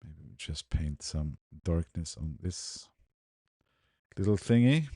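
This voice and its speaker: A man's voice: extremely low pitch, takes it slowly, breathy edge, no echo, clean studio sound. A man talking through a photo editing tutorial, narrating his steps as he works and often muttering to himself. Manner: relaxed, muttering to himself while working. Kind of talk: screen-recorded editing tutorial.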